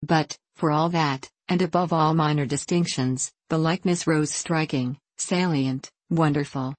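Low-voiced woman narrating an audiobook. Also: no echo. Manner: measured, even storytelling. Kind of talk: scripted narration of a classic novel.

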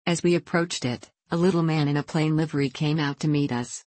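Woman audiobook narrator, low voice, dry close sound, measured storytelling. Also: a little mellow, dry recording. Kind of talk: scripted narration of a classic novel.

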